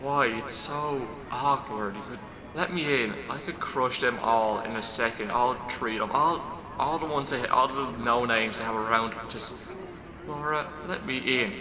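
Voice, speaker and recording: A man voicing a raspy, tempting disembodied voice that sounds like sand on glass, slow and hushed. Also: medium pitch, reverberant, crowd noise, lightly acted.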